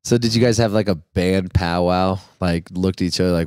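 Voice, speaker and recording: A man hosting a podcast in casual chat, excitable, swearing and laughing, acting out quotes loudly. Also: low voice, a little fast, clean tone, dry recording, studio quality. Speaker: podcast host.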